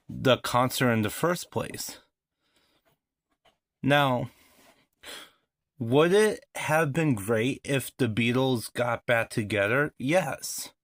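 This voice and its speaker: A man's voice: medium pitch, a bit bright, no room sound, studio quality. A man rambling through his opinions on music history in a casual vlog, with lots of fillers and restarts.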